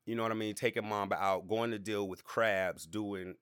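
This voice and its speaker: A man hosting a podcast, telling a story in a relaxed, slangy way with plenty of asides to the listener. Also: on the low side, moderate pace, clear, resonant tone, no echo, clean studio sound. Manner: laid-back, slangy, repeats fillers and asides to the listener. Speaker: podcast host. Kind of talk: casual storytelling monologue.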